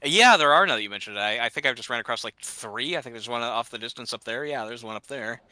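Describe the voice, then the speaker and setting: A man's voice: medium pitch, lively intonation, fast, bright, forceful tone, dry recording. A man chatting casually and rambling while playing a game, laughing at himself often. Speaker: gamer. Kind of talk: casual gaming chat.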